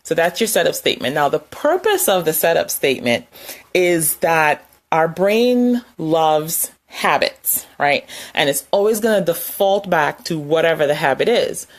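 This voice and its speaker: Relaxed woman teaching a tapping routine. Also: sits low, unhurried. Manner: conversational, demonstrating with hands, chuckling asides. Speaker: wellness instructor. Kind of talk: casual instructional talk.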